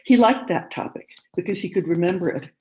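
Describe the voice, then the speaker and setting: A woman speaking at a conference, reading a literary story aloud in a measured narrating manner. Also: lowish voice, darkish tone, a little hiss or hum, low-quality recording.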